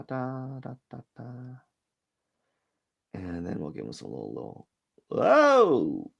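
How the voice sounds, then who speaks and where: Gravelly low-voiced man sketching live. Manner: rambling, hesitant, self-questioning; self-deprecating about his work. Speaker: artist hosting a drawing live stream. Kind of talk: casual thinking-aloud commentary while sketching.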